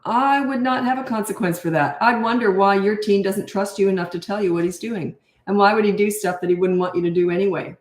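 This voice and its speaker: An older woman with a mid-range voice coaches parents, answering viewer questions bluntly and emphatically while repeating her key points. The recording sounds roomy.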